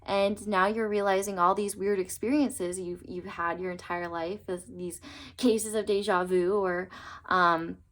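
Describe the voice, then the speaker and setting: A young woman giving a casual tarot reading to her viewers, chatty and earnest, with plenty of fillers and trailing asides. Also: medium pitch. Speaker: tarot reader.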